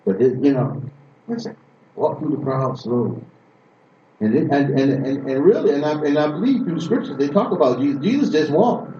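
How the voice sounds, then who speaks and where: A man's voice: mid-range voice, expressive, moderate pace, a little hiss or hum. A man preaching a sermon from Boston, telling stories emphatically with frequent repeated restarts. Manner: emphatic storytelling, repetitive restarts. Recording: echoey room from far off, dull sound.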